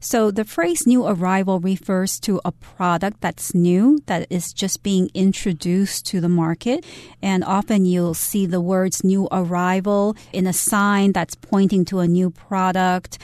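A woman co-hosting an English lesson on the radio, giving clear definitions of words. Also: medium pitch, fairly even intonation, a little slow, a little mellow, dry recording. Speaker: English teacher co-host.

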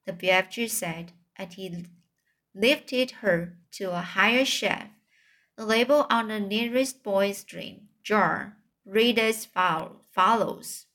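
A woman reading a children's book aloud, unhurried and stumbling now and then over a word. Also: medium pitch, fairly bright tone. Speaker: storybook reader.

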